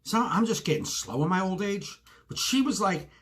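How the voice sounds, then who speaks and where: A man with a high-pitched, very animated voice speaks at a normal speed. He co-hosts a podcast and, in a self-recorded video, rants alone through an exasperated story full of asides.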